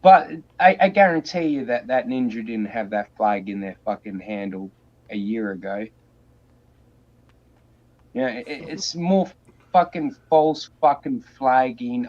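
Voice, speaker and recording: A podcast host with a mid-range voice launches into a crude, heated rant, swearing nonstop. He sounds animated but a little slow, and the lo-fi recording is dull.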